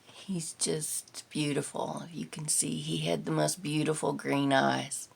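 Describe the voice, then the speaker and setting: Older woman, vlog host, slow gentle talk, gravelly low voice, rambling pauses. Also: flat delivery. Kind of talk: reflective personal vlog.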